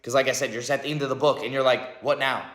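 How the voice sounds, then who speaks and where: Talking very fast with little pitch movement, this thirty-something vlogger has a medium-pitched, fairly bright voice. His reflective, rambling spiritual musings are packed with "like," "right?" and frequent swearing, captured in an echoey room.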